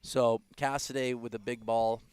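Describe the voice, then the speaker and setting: A man calling a live sporting event, relaxed and chatty, often restarting his sentences. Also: mid-range voice, normal speed, clear, resonant tone, dry recording. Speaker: play-by-play commentator.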